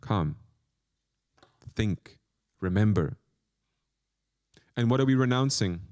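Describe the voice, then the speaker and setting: A monk teacher gives a spiritual lecture in a fairly low, slightly mellow voice, animated yet slow-paced. The recording is dry with clean studio sound, and he uses playful, self-mocking asides and repeats short phrases for emphasis.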